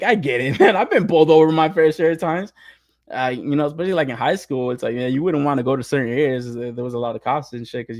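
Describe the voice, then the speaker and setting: A man's voice: medium pitch, no room sound, studio quality. A young adult man hosting a podcast, ranting casually with lots of swearing and laughter. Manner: profane, laughing rants. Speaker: podcast host. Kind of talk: casual chat.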